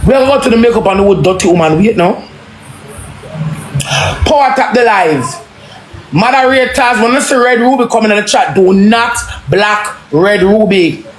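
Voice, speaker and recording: A Jamaican woman hosting a live stream, talking loudly and laughing, repeating herself as she rants. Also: a little high, animated, normal speed, pauses often, reverberant, low-quality recording. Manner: loud, laughing, repetitive. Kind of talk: loud casual live-stream rant.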